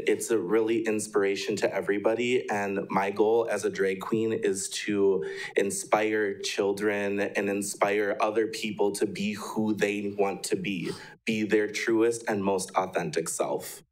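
A young man from Wisconsin giving a sincere, measured public comment at a city council meeting. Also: lowish voice, little pitch movement, low-quality recording.

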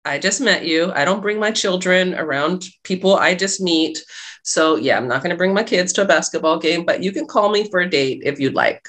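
A woman's voice: fairly low pitch, brisk, a bit bright. A middle-aged woman, a guest telling a personal story in a casual interview, acting out the dialogue as she goes. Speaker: guest, love and life coach.

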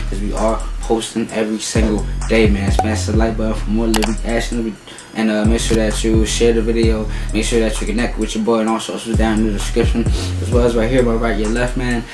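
A man's voice: fairly low pitch, reverberant, poor audio. A man hosting a casual reaction vlog, stuffy from a cold, laid-back and repeating himself. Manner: laid-back, repeats "you know what I'm saying". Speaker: YouTube reaction host.

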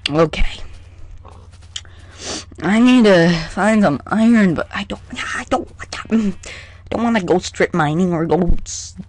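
A let's play gamer giving casual gameplay commentary in a hyper, excitable way, chatting to the creatures in the game. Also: medium pitch, unhurried, long pauses, dry recording.

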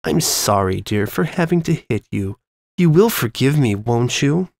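A man's voice: mid-range voice, lively intonation, unhurried, gravelly, a little mellow, no room sound, studio quality. A man voicing a manipulative, possessive young woman who coaxes her captive in a condescending tone. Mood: coaxing. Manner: coaxing, condescending.

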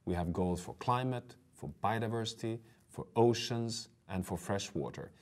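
A man with a low, deep voice lectures for an online course. He speaks earnestly and stresses his key points, talking straight to his viewers. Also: normal speed, darkish tone. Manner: earnest, emphatic, addresses viewers directly.

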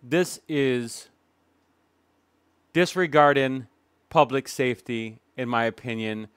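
Emphatic man with a smooth, dry voice. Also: mid-range voice, a bit bright, no echo. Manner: emphatic, indignant, with dramatic pauses. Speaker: commentary YouTuber. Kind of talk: reaction commentary.

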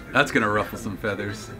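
A man hosting his own video, reading viewer comments aloud and answering with wisecracks and laughs. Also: mid-range voice. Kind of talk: casual chat.

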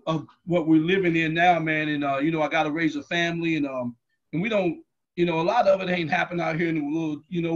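A middle-aged man tells personal stories in an interview, loud and animated as he acts out each exchange. His voice sits a little high and sounds husky, and the audio comes through muffled and lo-fi. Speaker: guest, athletics staff member. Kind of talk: storytelling in an interview.

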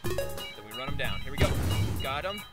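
A man's voice: mid-range voice, fairly quick. A man giving casual let's-play commentary as a gaming video creator, chatty and self-mocking, trash-talking the game as he plays. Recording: loud game music behind.

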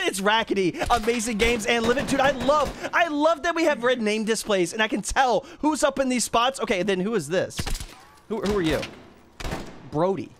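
A young man giving loud, excitable gameplay commentary, trash-talking other players, laughing and yelling often. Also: very high-pitched, normal speed, background noise. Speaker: gaming YouTuber.

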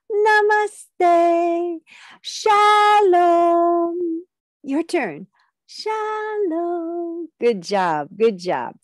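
A woman's voice: high-pitched, darkish tone, studio quality. A woman teaching a children's music lesson over a video call, calling out phrases and singing them for the kids to echo back. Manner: call-and-response, sings along.

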